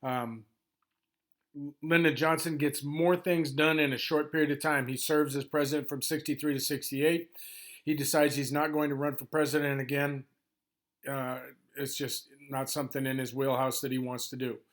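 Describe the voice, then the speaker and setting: A gravelly-voiced man in his sixties giving an informal history overview, rushing through it with many ums and restarts. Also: medium pitch, flat delivery. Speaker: history presenter.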